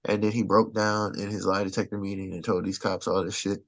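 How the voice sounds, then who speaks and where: A stand-up comedian telling a story in a rambling, indignant way. His voice sits a little low and has a gravelly rasp. The recording is dry and close. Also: little pitch movement, fairly quick, dry recording. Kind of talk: casual storytelling in conversation. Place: Los Angeles.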